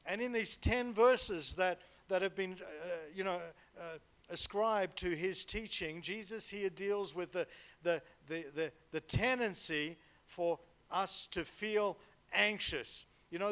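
A man's voice: sits high, fairly bright tone, smooth. A man preaching a sermon in a conversational way, repeating words and checking in with 'right?'.

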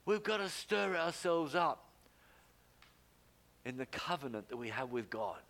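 A man's voice: big pitch swings, unhurried. Emphatic male preacher. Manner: emphatic, swings between loud exclamations and low quiet asides. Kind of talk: sermon.

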